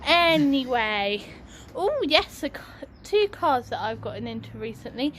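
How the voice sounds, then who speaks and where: A woman's voice: high-pitched, sing-song, measured pace. A young woman talking casually into her phone while walking down a street, chatty and swearing freely. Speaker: vlogger. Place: outdoors on a busy street by a bus stop. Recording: loud street traffic noise outdoors. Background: passing traffic and buses.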